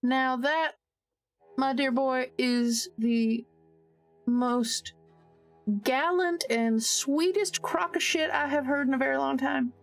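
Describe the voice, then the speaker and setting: A woman voicing a sharp-tongued old farm woman with a put-on Southern accent, dry and teasing. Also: sits high, takes it slowly, gravelly, faint music behind, pitched above the performer's own voice, heavily acted.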